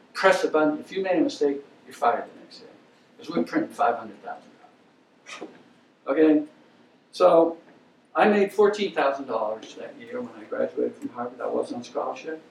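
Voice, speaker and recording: A man's voice: mid-range voice, animated, normal speed, vocal fry, darkish tone, distant mic, slight background noise. An older man giving a guest lecture, telling blunt, opinionated stories from his career to an audience. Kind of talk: lecture with anecdotes. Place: lecture hall. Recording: echoey hall, speaker off-mic.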